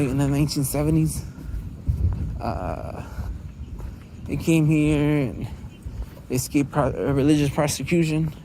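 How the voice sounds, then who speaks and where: With a mid-range voice over noisy surroundings, a man from around Los Angeles vlogs while walking through his neighborhood. His monologue is loose and rambling, chatty, packed with fillers and frequent laughs.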